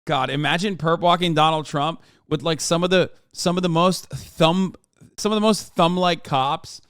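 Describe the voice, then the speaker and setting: A man's voice: on the high side, moderate pace, fairly bright tone, clean tone, no echo, clean studio sound. Sardonic, profane male streamer. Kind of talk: casual commentary.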